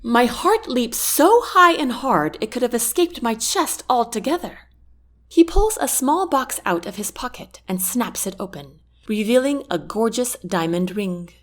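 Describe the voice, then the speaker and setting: Expressive woman narrating a romance. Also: fairly high pitch, unhurried. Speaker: audiobook narrator. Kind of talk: first-person romance narration.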